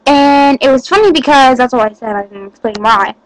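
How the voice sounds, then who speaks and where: A woman's voice: sits high, brisk, no room sound, rough recording. A teenage girl chatting to the camera, giggly and rambling with lots of fillers. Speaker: vlogger. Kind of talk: casual chat to camera.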